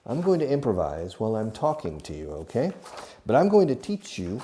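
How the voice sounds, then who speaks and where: A man's voice: on the low side, huge pitch swings, fairly quick, mellow, slight background noise. Playful man teaching a filmed lesson. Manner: playful teacher, asks and answers his own questions. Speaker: English teacher. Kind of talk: on-camera English lesson. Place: classroom filmed for video. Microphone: camera operated by an assistant.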